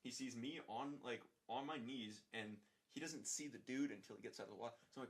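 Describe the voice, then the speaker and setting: A young man, a podcast guest, telling a story in casual chat, animated, swearing freely and acting out the dialogue. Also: mid-range voice, brisk.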